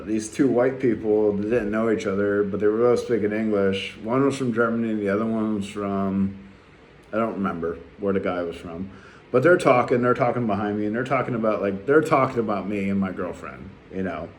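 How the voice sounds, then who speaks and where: Older guy rambling bout his trips, lots of ums and restarts, faint hiss in the room. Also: on the low side. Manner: blunt, rambling, with many fillers and restarts. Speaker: travel vlogger. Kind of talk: casual rambling vlog. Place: his apartment.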